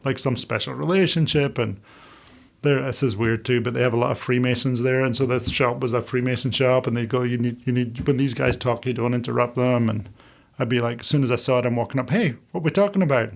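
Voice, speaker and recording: A man, a podcast guest, chatting casually and telling animated stories, acting out the voices of the people in them. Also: medium pitch, a little fast, gravelly. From Scotland. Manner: animated storyteller, acts out quoted voices, laughs often. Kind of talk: casual interview chat.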